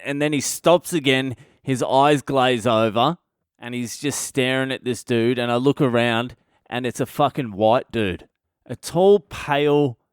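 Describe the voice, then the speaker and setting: A man's voice: medium pitch, clean tone, no echo, clean studio sound. A man in his thirties with an Australian accent, hosting a podcast and telling a blunt, profane, self-mocking comic story. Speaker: comedian podcast host.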